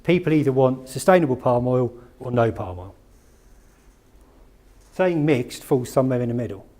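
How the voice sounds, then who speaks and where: Speaking at a moderate pace, a man with an expressive, medium-pitched voice and a dark tone presents at a conference. He keeps it chatty, puts questions to the room, and tosses in jokes at his own expense.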